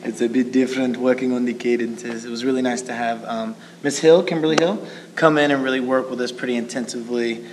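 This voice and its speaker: A male actor talking in an interview about his preparation. He speaks in an even, relaxed way. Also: medium pitch, brisk, noisy background. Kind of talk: casual interview.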